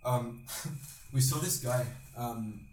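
A man's voice: medium pitch, slow, slight background noise. Rambling man, echoey distant mic. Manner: rambling, profane, acts out quotes loudly. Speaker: podcast host. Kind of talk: casual storytelling chat.

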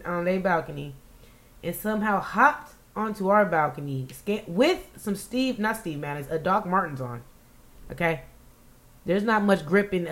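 Animated profane woman telling a story. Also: on the low side. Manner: animated, profane, acts out quotes loudly. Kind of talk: casual storytelling chat.

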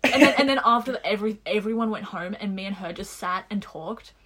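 A young woman co-hosting a podcast, telling stories excitedly and swearing casually. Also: mid-range voice, brisk, breathy edge. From Australia. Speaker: podcast co-host. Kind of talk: casual chat.

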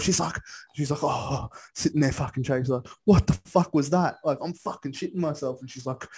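A man with an Australian accent, co-hosting a podcast and telling a lively story in casual chat, laughing often. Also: mid-range voice, fairly quick. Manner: animated storytelling, heavy swearing, frequent laughter. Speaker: podcast co-host.

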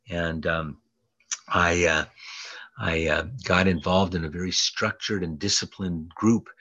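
A man's voice: low-pitched, a bit bright, slightly rough, no room sound. A man in his late sixties giving a rambling, hesitant personal share from the podium at a recovery meeting. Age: 60s. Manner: rambling and hesitant, many fillers. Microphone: podium mic. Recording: dull lo-fi dry recording.

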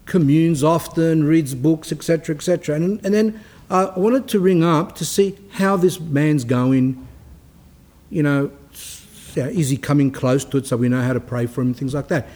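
Rambling priest, somewhat high voice. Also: male voice, normal speed, mellow. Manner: rambling, anecdotal, with frequent restarts. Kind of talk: spoken sermon talk.

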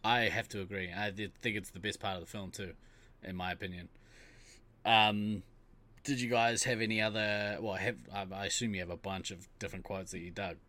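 A man's voice: lowish voice, fairly even intonation, a little fast, sharp tone. A man co-hosting a podcast in casual chat, laughing a lot and egging the others on. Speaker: podcast co-host.

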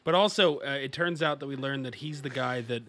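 A man co-hosting a podcast in casual chat, calmly recapping story events. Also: mid-range voice, a little fast. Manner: relaxed, recaps plot. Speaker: podcast co-host.

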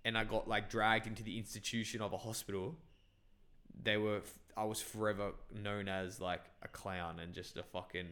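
A man's voice: fairly low pitch, flat delivery, moderate pace, bright, forceful tone. A young man from Bangladesh telling a long, rambling story in casual chat, swearing and filling with "like" and "bro". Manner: rambling, profane storytelling with many fillers.

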